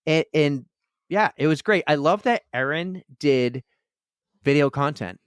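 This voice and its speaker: Man, Boston accent, smooth resonant voice, dry close sound, enthusiastic podcast chat. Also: fairly high pitch, expressive, measured pace, dry recording. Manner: upbeat, rambling, enthusiastic. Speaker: podcast co-host.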